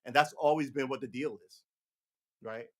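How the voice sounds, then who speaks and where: A man's voice: medium pitch, moderate pace. A man in his forties hosting a livestream, ranting casually with lots of swearing and restarts. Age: 40s. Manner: profane, rambling, animated talk with restarts. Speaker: livestream host.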